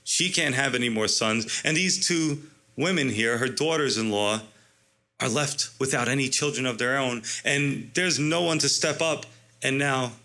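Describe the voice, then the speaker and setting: A man's voice: medium pitch, bright, forceful tone. A man preaching an expository sermon, emphatic, stretching out key words and asking rhetorical questions. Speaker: pastor.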